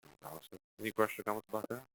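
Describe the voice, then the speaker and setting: A man with a very low voice, recorded dry and close, teaches a church class as its pastor. He talks directly and casually, often restarting his sentences, and breaks into exaggerated voices when he acts out what people say. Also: very fast, no room sound, rough recording. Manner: lively, acts out quoted speech in exaggerated voices; direct, conversational, with frequent restarts.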